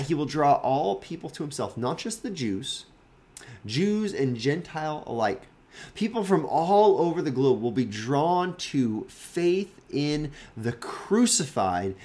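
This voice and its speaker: A man's voice: fairly high pitch, big pitch swings, measured pace, darkish tone. A man, a pastor, giving a daily devotional Bible teaching in an earnest, emphatic, conversational way.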